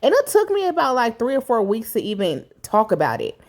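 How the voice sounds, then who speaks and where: A woman's voice: a little high, wildly swooping pitch, fairly quick, darkish tone. A middle-aged woman talking candidly through a home repair in a chatty, casual vlog, with many fillers along the way. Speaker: vlogger. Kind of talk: casual DIY vlog narration.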